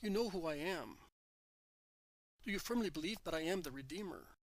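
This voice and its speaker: A man reading aloud, voicing a grieved gentle teacher consoling his weeping friend tenderly. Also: fairly high pitch, animated, normal speed, no room sound, natural voice, rough recording. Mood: tender grief.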